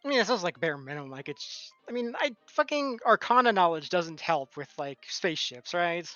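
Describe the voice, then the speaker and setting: Bright forceful voice, dry dull mic, swearing man, from Alabama, player. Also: sits high, sing-song, moderate pace, dry recording, soft background music. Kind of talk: casual tabletop game chat.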